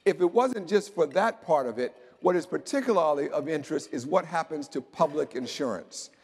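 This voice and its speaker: A man giving an animated, joking conference talk about slides to a live audience. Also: a little high, normal speed, slightly rough. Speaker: keynote speaker. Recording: long hall reverb.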